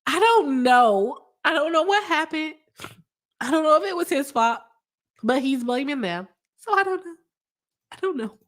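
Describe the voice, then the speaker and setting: A woman's voice: high-pitched, animated, moderate pace, pauses often. A woman, a lawyer hosting a casual live stream, reading viewer comments, laughing often and coughing from a cold. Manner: laughs often, talks in a chatty way with y'all.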